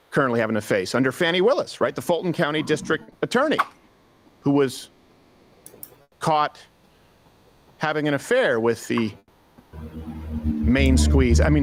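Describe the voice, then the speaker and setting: A man hosting a political commentary show, speaking emphatically in scripted narration and putting rhetorical questions to his audience. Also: a little high.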